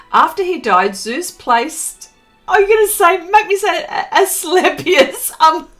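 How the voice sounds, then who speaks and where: Slow-talking, chatty woman live-streamer. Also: fairly high pitch, a bit bright. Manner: stumbles over hard words, laughs at herself, chatty. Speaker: live-stream painting host. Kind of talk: casual live-stream chat reading viewer comments.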